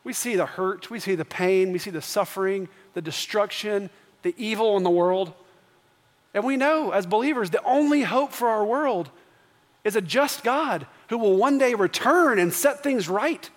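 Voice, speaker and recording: A pastor in his thirties preaches in a church sanctuary with long reverb. His high, animated voice moves at a moderate pace as he tells family stories conversationally and builds to emphatic questions.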